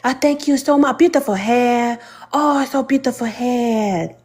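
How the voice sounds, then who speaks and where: A woman's voice: on the high side, darkish tone, slightly rough. Woman doing a chirpy sing-song shop clerk. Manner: rapid sing-song questions, broken phrasing. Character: chirpy female takeout and salon clerk. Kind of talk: comedic mockery skit.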